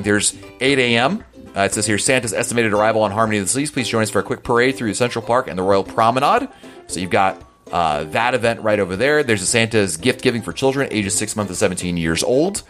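A man's voice: lowish voice, fairly bright tone. A man hosting a podcast in a casual, chatty, rambling way as he answers listener emails. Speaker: podcast host.

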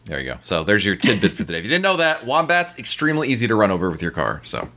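Lively, bright-voiced male podcast host. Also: lowish voice, racing. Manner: playful, jokey, lively delivery. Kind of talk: casual podcast chat.

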